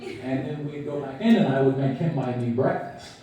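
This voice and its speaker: A man in his sixties giving a memorial eulogy, telling stories about a friend in an unhurried, anecdotal way and quoting him with a chuckle. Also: medium pitch, crowd noise. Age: 60s. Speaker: eulogy speaker. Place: large echoey hall at a memorial service. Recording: echoey hall recording from far off.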